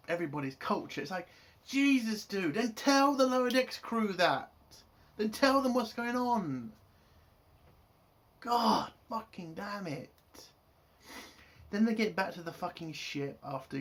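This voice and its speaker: A man's voice: a little high, fairly bright tone. A man giving a casual episode review, frustrated and swearing, building into exasperated outbursts. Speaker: show reviewer.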